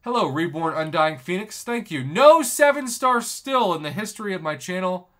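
A man's voice: high voice, moderate pace. A man streaming a mobile game, chatting casually, laughing and reading viewers' comments aloud. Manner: excitable, laughing, reads chat aloud. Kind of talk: casual live-stream gaming chat.

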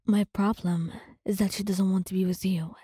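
A woman's voice: mid-range voice, steady tone, moderate pace, warm tone, breathy edge, no room sound, studio quality. A woman voicing a protective young man in a whispered role-play, firm and soothing. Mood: stern. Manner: stern and protective. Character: protective young man, stern then tender.

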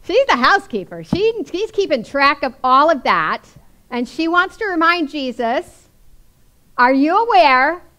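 A woman's voice: high voice, big pitch swings, unhurried, pushed and bright, low-quality recording. A woman preacher giving a sermon, reading scripture aloud and then commenting on it in a chatty way, often ending with tag questions.

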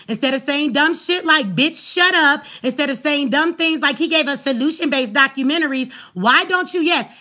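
A woman hosting a livestream, ranting angrily and profanely at her chat with rapid rhetorical questions. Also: high voice, sharp tone. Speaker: livestream host. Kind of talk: heated livestream rant.

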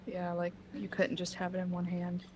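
A woman's voice: lowish voice, completely flat delivery, normal speed. A woman co-streaming a game, chatting casually and teasing her partner with easy laughs. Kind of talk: casual gameplay chat. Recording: noisy stream audio.

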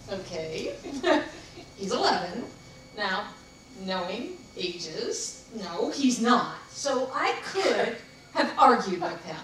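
A woman's voice: medium pitch, very animated, drawn-out words, long pauses, a bit bright. A woman leading a workshop, telling stories with frequent laughs and asking the group to discuss. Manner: chatty, laughing, anecdotal. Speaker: workshop leader. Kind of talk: casual group workshop talk. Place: meeting room with a group. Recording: very echoey room, far from mic, faint background hiss.

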